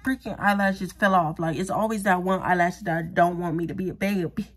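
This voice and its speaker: A woman's voice: lowish voice, fairly even intonation, brisk, slightly rough. A young woman chatting casually through a beauty tutorial, joking and mocking herself as she talks straight to viewers. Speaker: vlogger doing a wig and lash tutorial.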